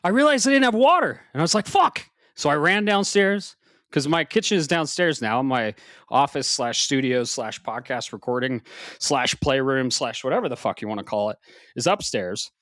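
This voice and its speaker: A man co-hosting a casual gaming podcast, slightly out of breath, swearing freely and swinging from loud bursts to low mutters. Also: normal speed, dry recording, studio quality. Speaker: podcast co-host.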